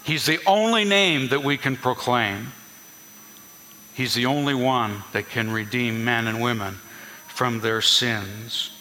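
A man's voice: medium pitch, slow, bright, forceful tone, long reverb tail, slight background noise. A man preaching a sermon as a pastor, teaching earnestly and repeating key points for emphasis.

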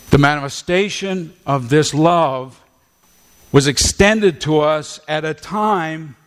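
A man preaching a sermon to a congregation, slow and emphatic, repeating words and drawing out key phrases. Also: on the high side. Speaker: pastor. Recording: long church hall reverb.

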